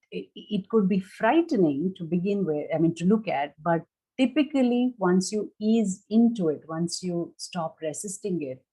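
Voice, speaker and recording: Soft-spoken woman therapist explaining grief. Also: lowish voice, rough recording. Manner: measured, warm-toned explaining with frequent fillers and restarts. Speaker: therapist giving a talk. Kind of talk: reflective talk on grief.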